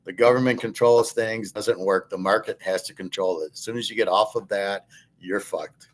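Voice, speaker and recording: Profane, ranting man with a low voice. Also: steady tone, moderate pace. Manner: blunt, profane, scornful. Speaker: host. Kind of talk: ranting commentary.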